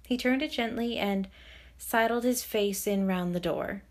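Woman narrator, audiobook, measured and expressive, fairly high voice.

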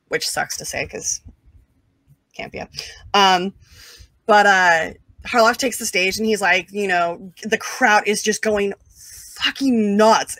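Woman guest, casual storyteller, animated with lots of filler words; mid-range voice, dry close recording. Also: mid-range voice, dry recording. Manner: animated, filler-heavy, quick asides and laughs. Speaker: interview guest.

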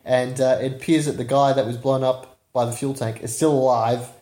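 Mellow-voiced man in an echoey room. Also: mid-range voice, steady tone, fairly quick. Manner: loose retelling with fillers and chuckles. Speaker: podcast co-host reviewing a film. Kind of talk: casual chat recapping a movie. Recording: roomy echo.

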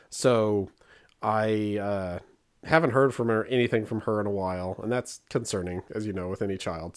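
A man in his thirties co-hosting a podcast, telling funny stories in casual chat and acting out quotes. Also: fairly low pitch. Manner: animated storytelling with put-on quotes. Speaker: podcast co-host.

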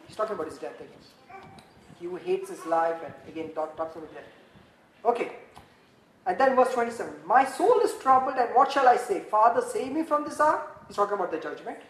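A woman preaching a sermon from scripture, animated, repeating phrases and asking rhetorical questions, swinging from emphatic peaks down to hushed low passages. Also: brisk. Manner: animated, rising to emphatic peaks, then dropping very low and quiet. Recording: echoey room with faint background noise.

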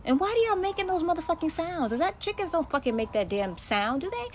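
A woman's voice: very high voice, big pitch swings, fast talker, a little hiss or hum, pitched above the performer's own voice. A woman putting on a whiny, mocking voice as a fussy, sneering complainer.

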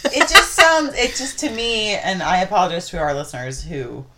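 A young woman chatting frankly as a podcast guest, talkative and quick to laugh. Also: fairly low pitch, lively intonation, background noise. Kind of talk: casual chat.

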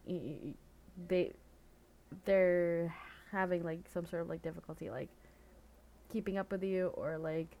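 A woman's voice: on the low side, steady tone, unhurried, pauses often, mellow. A woman from the Philippines co-hosting a podcast, chatting casually and filling her sentences with "like" and restarts. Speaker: podcast co-host. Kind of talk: casual chat.

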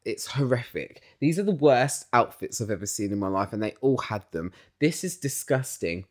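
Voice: medium pitch, lively intonation, moderate pace. A British host chatting casually through a reality TV recap, ranting and gossiping with frequent swearing and laughter. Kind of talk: casual solo recap chat.

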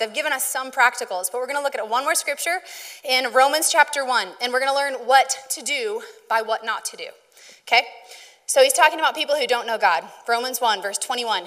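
Bright-voiced woman preaching in a hall. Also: high-pitched. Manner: conversational, storytelling, asks the audience questions. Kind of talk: sermon.

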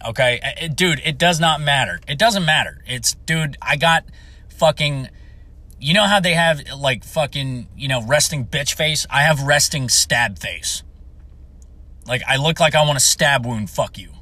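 Brash young veteran, swears constantly, forceful and sharp, no room sound. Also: male voice, mid-range voice, unhurried, no echo. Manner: heavy swearing, blunt and heated. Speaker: Marine veteran telling a story. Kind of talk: profane storytelling rant.

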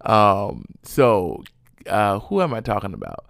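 A man giving a sassy, chatty recap of reality TV gossip, animated and full of fillers, yawning now and then. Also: lowish voice, unhurried, vocal fry, dry recording, studio quality. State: sleepy, yawning.

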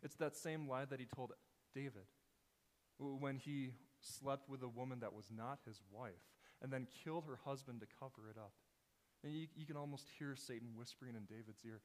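A male pastor preaching a sermon with passion, firing rhetorical questions and swinging between hushed and loud. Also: mid-range voice, moderate pace. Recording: long reverb in a large hall.

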